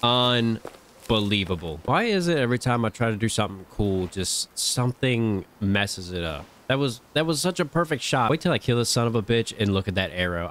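A man giving excitable hunting-game commentary, swearing and talking straight to his viewers. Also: on the low side. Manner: animated, swears often, talks to viewers. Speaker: gaming channel host.

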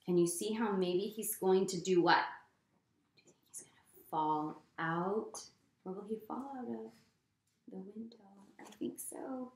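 Slow gentle woman reading to kids. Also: medium pitch, roomy sound. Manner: gentle, asks the children questions. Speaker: storytime reader. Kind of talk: reading a picture book aloud to children.

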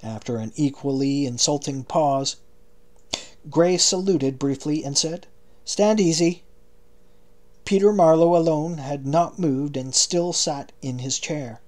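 A man narrating an audiobook in a steady, measured way. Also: fairly high pitch. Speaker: audiobook reader.

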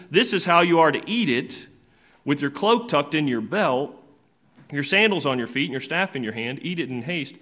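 Pastor, male, mid-pitched, conversational sermon delivery with frequent restarts and shifts from loud to quiet. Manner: conversational preaching, swinging between loud emphatic and quiet asides; repeats words and restarts often.

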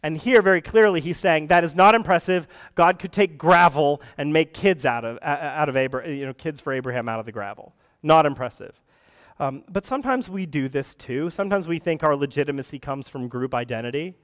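Man pastor giving a sermon, kinda high voice, earnest w chatty asides, big churchy reverb. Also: animated, brisk, a bit bright. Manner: earnest preaching with conversational asides and restarts. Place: church sanctuary. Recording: long reverb of a church hall.

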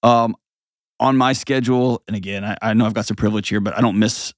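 This advice-show host speaks fast in a fairly low voice, captured as a dry, clean studio recording. His casual advice comes across blunt and lively, and he breaks into mocking impressions partway through sentences.

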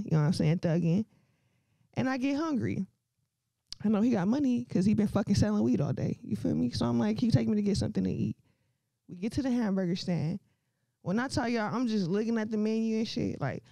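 A woman works through a crude stand-up comedy set, brash and unfiltered, laughing often between her lines. Her pitch swings widely as she talks. The sound is dry and close, with no room around it. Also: dark tone, no echo.

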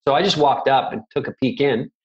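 A man's voice: mid-range voice, a little fast, darkish tone, highs cut off. A middle-aged man, a martial arts instructor, telling stories in a casual interview, rambling and self-deprecating with many restarts.

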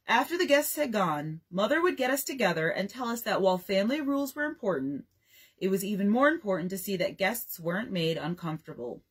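Young librarian lady reading a bedtime story, breathy, bouncy up and down voice. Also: medium pitch, a little fast. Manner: expressive, reads dialogue in varied voices.

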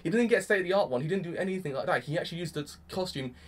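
Gushing over an anime episode, a young man delivers an excited, casual review very quickly, with "freaking" cropping up constantly. His voice sits slightly high for a man.

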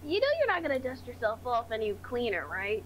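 A woman playing a tabletop game, chatting quickly and wryly. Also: fairly high pitch, big pitch swings, slight background noise. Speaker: player.

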